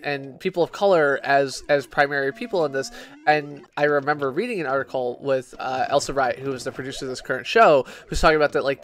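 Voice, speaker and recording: Tipsy male streamer, talkative and profane, voice pitched a bit high. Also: a bit bright. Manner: rambling, swearing, many restarts and fillers. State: drunk. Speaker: game streamer. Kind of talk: casual rambling chat while gaming.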